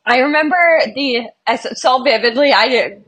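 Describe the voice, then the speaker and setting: A woman's voice: high voice, moderate pace, fairly bright tone. A young woman, a marathon runner, speaking as a podcast guest in an earnest, emotional, bubbly way. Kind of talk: podcast interview.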